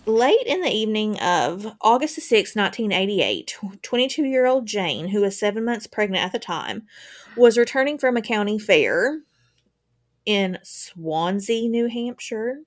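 A woman's voice: mid-range voice, lively intonation, unhurried. A woman reading a true crime case aloud on a podcast. Her delivery stays casual and conversational, and she voices long first-person accounts between asides. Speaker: podcast co-host.

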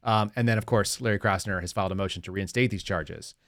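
A man's voice: on the low side, fast talker, fairly bright tone, dry recording. A man hosting a casual political commentary podcast from a home studio, talking in a sarcastic, mocking way with wry asides. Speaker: podcast host.

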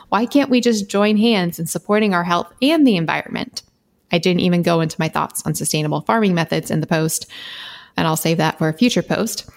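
A woman's voice: medium pitch, creaky. A woman co-hosting a podcast, reading her own writing aloud in an earnest, impassioned way and laughing now and then. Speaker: podcast co-host.

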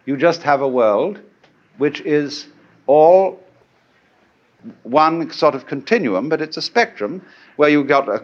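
A middle-aged man giving a conversational philosophical lecture, musing aloud and asking rhetorical questions. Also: medium pitch. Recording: dull lo-fi archival lecture tape.

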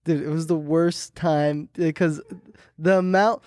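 A man's voice: a little high, fairly even intonation, measured pace, darkish tone, no echo, clean studio sound. A man co-hosting a casual sports podcast, playful and laughing often as he talks. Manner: playful, laughs often, says dude a lot. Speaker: podcast co-host. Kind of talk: casual chat.

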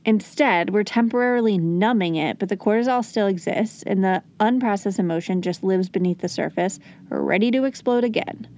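A young adult woman teaching parents how to calm toddlers, earnest and coaching, softly acting out what to say to a child. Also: mid-range voice, moderate pace. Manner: earnest, coaching, acts out gentle lines to a child. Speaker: parenting educator. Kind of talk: instructional talk to parents.

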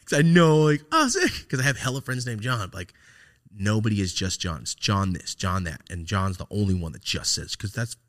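A man's voice: deep voice, fairly quick, fairly bright tone. A man, casually telling a story as a podcast host, rambling and profane with lots of "like". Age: late 20s.

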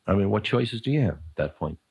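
A man's voice: fairly low pitch, lively intonation, fast talker, darkish tone, slightly rough, no room sound. A man in his sixties giving a live dharma talk, answering audience questions in a conversational, playful, searching way with chuckles and asides. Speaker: spiritual teacher. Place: lecture room with a live audience.

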